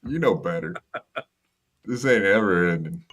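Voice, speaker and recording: A man's voice: low-pitched, animated, unhurried, fairly bright tone. A man co-hosting a podcast, talking in loose, joking banter with lots of restarts. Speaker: podcast co-host. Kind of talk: casual banter.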